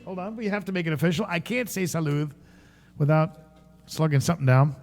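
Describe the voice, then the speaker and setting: Chatty music-stream host, a man with a high voice and a guitar behind him, some hall reverb. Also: brisk, darkish tone. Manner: chatty, joking, greets viewers by name. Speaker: musician and livestream show host. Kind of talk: casual chat with viewers.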